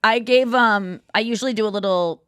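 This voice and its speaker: A woman hosting a comedy podcast, chatting playfully in quick banter with her co-host. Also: a little high, a bit bright, clear, resonant tone, dry recording, studio quality. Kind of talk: casual comedy podcast chat.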